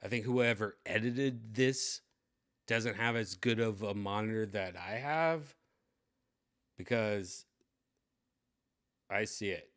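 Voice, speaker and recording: A man hosting a live stream, talking casually in a rambling, excitable way with lots of fillers. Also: lowish voice, slow pace, pauses often. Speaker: streamer host.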